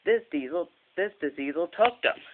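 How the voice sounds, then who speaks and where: A man playing a cheeky young male tank engine from a homemade storybook tale, pleading and quick to tattle. The voice sits fairly high and swings lively. The recording is tinny and phone-like. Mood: indignant. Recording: tinny phone-like home recording with faint hiss.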